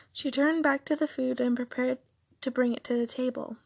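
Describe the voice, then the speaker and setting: A woman narrating a fan story aloud in a steady reading voice, husky and gravelly. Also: high-pitched, moderate pace, no room sound.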